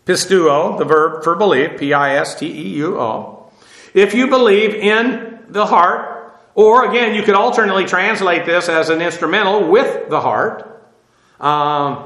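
A man teaching a verse-by-verse Bible study, parsing Greek grammar with frequent pauses and "uh" as he explains. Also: high-pitched, pushed and bright, echoey room. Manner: explanatory, stops often with "uh" to parse grammar.

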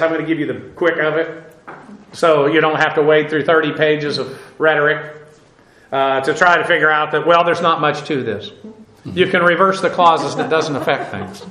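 A man teaching a verse-by-verse Bible lecture in a conversational way, halting with fillers and restarts and dropping dry asides. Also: a little high, sharp tone, roomy sound, rough recording.

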